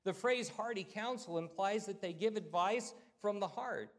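A man's voice: sits high, normal speed. A middle-aged man, a pastor, preaching a sermon in a conversational way, repeating himself and calling out "amen" to the congregation. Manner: conversational preaching with repetitions and call-outs.

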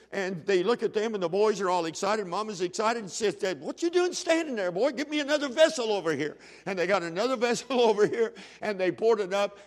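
A man delivers a sermon, in a fairly high voice. He tells the story in a folksy, conversational way and acts out the characters' lines. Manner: folksy, plays the story's characters in quick dialogue. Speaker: preacher.

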